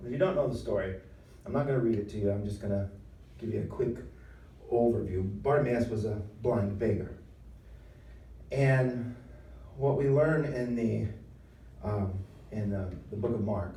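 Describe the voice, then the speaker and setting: A man preaches in a lively, conversational way, leaning into emphatic lines and playful acted-out voices. His tone is dark and mellow. He sounds set back from the mic in a roomy live venue with a faint hum of ambience behind him. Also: fairly low pitch, recorded from a distance. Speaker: former pastor giving a talk. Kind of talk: preaching talk.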